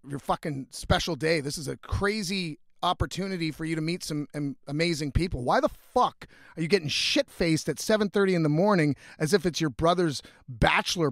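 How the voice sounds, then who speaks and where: A man telling a story in a casual, animated, heavily profane way, rambling as he goes. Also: a little high, gravelly, no room sound, clean studio sound. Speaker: vlogger.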